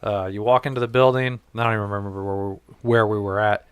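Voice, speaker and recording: A man's voice: lowish voice, quick pace, smooth, no room sound. A man hosting a podcast, telling a story in casual chat, swearing freely and acting out what people said. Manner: profane, animated, acts out quoted dialogue. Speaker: podcast host.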